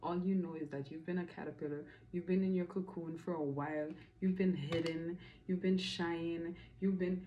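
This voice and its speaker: A woman in her thirties giving a casual tarot reading to camera, animated and affectionate, calling the viewer honey. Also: fairly low pitch, normal speed, highs cut off, slight background noise. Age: 30s. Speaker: tarot reader.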